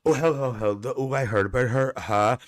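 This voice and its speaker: A cheeky older aunty, put on by a man, gossips to her live-stream viewers in camp, rambling chatter. She keeps cackling and breaks into shrill, high exclamations. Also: fairly quick, close to an everyday voice. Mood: chatty gossip. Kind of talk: live-stream chat in character.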